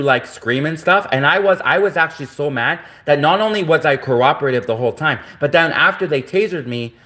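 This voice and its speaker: A man's voice: a little high, sharp tone. A man from Canada, ranting in a rambling livestream monologue that keeps repeating itself and circling back to the same points.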